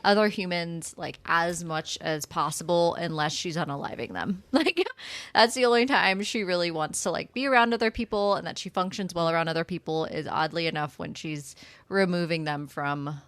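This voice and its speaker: A woman's voice: fairly low pitch, moderate pace, a bit bright, no room sound. Chatty woman book podcast host. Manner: enthusiastic, chatty, with many fillers and asides. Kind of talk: casual book club chat.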